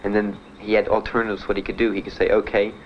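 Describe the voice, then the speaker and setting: A man's voice: lowish voice, level tone, racing, lo-fi sound, a little hiss or hum. A young American man from Miami, a veteran bluntly and matter-of-factly telling his own story with dry laughs. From United States (Miami). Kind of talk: candid spoken testimony.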